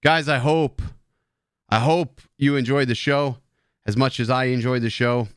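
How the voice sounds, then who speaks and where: A man's voice: medium pitch, steady tone, measured pace, fairly bright tone, smooth, dry recording. Joking, swearing man, dry close sound. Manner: rambling, joking, profane banter with chat; drinking beer while talking. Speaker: live stream host. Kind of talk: casual live stream chat.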